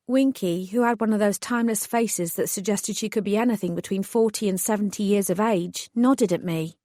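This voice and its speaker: A woman reads a first-person fantasy audiobook with wry, expressive delivery. Her voice sits at an ordinary pitch and is recorded close and very dry, with no room sound. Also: fairly quick, hardly any pauses, no room sound. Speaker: audiobook narrator. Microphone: close studio mic.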